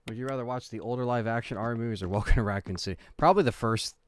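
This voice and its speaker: Relaxed man streaming a game. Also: mid-range voice, rapid-fire. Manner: relaxed, chatty, reads viewer comments aloud. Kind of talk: casual live stream chat while gaming. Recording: noisy stream with mouse clicks.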